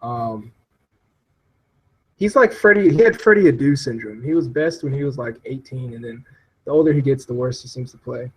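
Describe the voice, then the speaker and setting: A man's voice: medium pitch, animated, normal speed, breathy edge, low-quality recording. A young man chatting casually about sports as a podcast guest, joking and mocking players. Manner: joking, mocking, laughs often.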